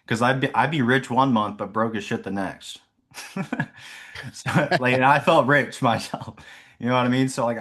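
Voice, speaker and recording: A young man working as an insurance sales agent talks casually on a video call, reflecting on his mindset in a fairly low, fairly bright voice. He rambles, with frequent fillers and laughs.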